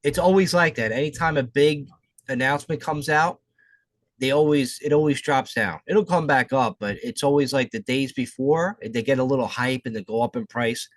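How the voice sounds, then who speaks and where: A man's voice: mid-range voice, moderate pace, no room sound. Profane laughing man on a podcast. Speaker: podcast co-host. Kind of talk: crude casual banter.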